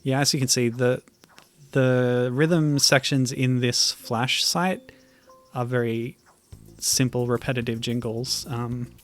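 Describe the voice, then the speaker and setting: A man with a mid-range voice and fairly even intonation provides casual commentary while streaming old web games, soft music in the background. He halts and hesitates often, uses many fillers, and sometimes reads the game text out loud.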